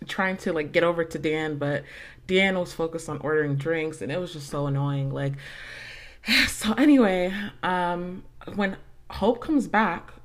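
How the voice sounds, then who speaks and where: A young adult woman hosting a podcast, telling a personal story in a casual, chatty way, swearing freely and using lots of fillers. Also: lowish voice. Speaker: podcast host.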